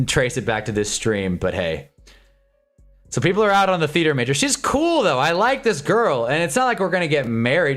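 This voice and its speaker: Animated young man streaming, music behind. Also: fairly high pitch. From Southern California. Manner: rambling, joking, laughs often. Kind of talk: casual live-stream chat.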